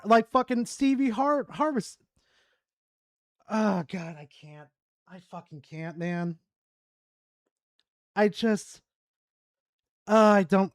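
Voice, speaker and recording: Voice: mid-range voice, no echo, clean studio sound. A streamer rambling and swearing in frustration while commentating a game. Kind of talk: gaming commentary while playing.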